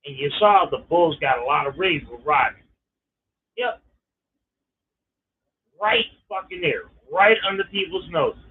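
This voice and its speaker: A middle-aged man telling a personal story in a casual, profane, exasperated way. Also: sits high. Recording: tinny phone-like line.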